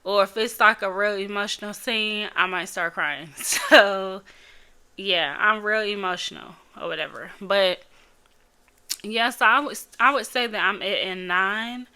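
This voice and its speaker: A woman's voice: medium pitch, sharp tone, clean tone. A woman hosting her own podcast, chatting casually and candidly, rambling a little and laughing often. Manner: emotional, candid storytelling. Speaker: podcast host. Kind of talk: casual solo podcast chat.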